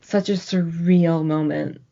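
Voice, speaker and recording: Woman, 40s, podcast co-host, casual chat, laughing storyteller, low voice. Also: steady tone, slow pace, gravelly, mellow. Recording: dull lo-fi recording.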